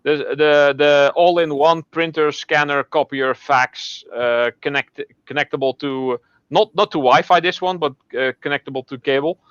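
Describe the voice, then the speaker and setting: Male stream guest, smooth voice, halting delivery, dry close sound. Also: a little high, fairly bright tone, dry recording, muffled recording. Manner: restarts and repeats words while searching. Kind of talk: casual chat.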